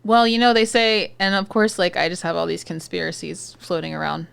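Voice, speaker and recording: A young woman co-hosts a podcast with a laid-back, wry, teasing manner. Her voice sits a little low and sounds smooth and clean. She chats casually and drops dry jokes. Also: level tone, brisk, a bit bright, no echo. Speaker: podcast co-host. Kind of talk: casual chat.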